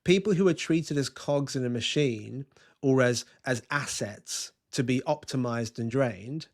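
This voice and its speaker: A man talking as a guest on a podcast. He tells his stories eagerly in a mid-pitched voice, stumbling and restarting now and then as the ideas come to him. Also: a little slow. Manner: enthusiastic storytelling with frequent restarts. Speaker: guest culture consultant. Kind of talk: podcast interview.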